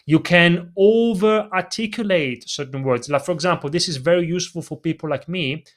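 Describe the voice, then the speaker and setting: Guy with a foreign accent coaching on presenting, animated, slightly high voice, video call. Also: moderate pace, hardly any pauses. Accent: non-native English. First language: not English. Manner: animated, demonstrates vocal emphasis. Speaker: presentation coach, podcast guest. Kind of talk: instructive interview answer.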